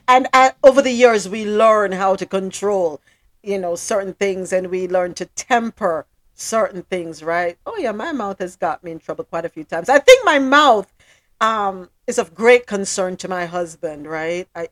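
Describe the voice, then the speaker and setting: A woman's voice: mid-range voice, a bit bright. A woman co-hosting a casual panel chat, emphatic and preachy, repeating her phrases for effect. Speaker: podcast co-host.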